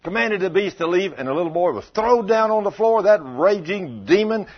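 In this dull, lo-fi recording, a preacher with a high-sitting voice delivers his sermon at a normal speed with lively intonation. He tells his stories emphatically, in plain folksy speech.

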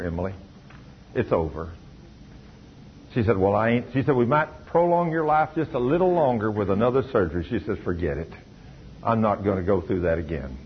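A man's voice: mid-range voice, slightly rough. Preacher man, dull lo-fi sermon tape. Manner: preaching with quoted dialogue, rising to emphatic peaks.

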